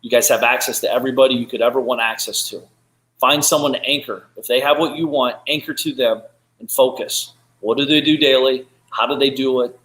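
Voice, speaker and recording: Male host, mid pitch, earnest pep talk with repeated phrases, recorded in a roomy space. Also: steady tone, fairly quick, a bit bright. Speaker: live show host. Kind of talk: motivational live talk. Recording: roomy echo.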